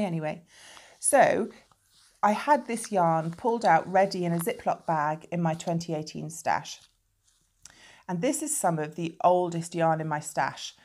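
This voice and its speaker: A woman's voice: lowish voice, a little mellow. A woman hosting a knitting podcast, chatting casually and showing her knitting to the camera, with chatty digressions.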